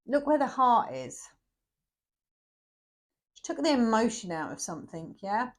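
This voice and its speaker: A talkative middle-aged woman doing a casual tarot reading. Her voice sits a little high and she talks in emphatic, repeated bursts. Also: sing-song, measured pace. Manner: chatty, emphatic and repetitive, with bursts of energy. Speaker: tarot reader.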